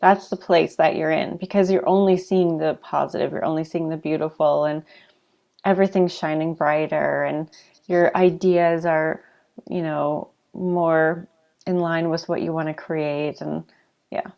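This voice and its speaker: Woman co-host, low voice, thoughtful and affirming in easy conversation. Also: fairly even intonation, unhurried, vocal fry, darkish tone. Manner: reflective, encouraging, lots of affirming murmurs. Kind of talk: casual chat.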